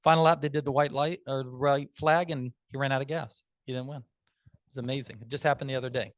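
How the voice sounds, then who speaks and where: A man's voice: medium pitch, fairly even intonation, quick pace, no room sound. A man leading table topics at a club meeting, chatty and upbeat with storytelling asides.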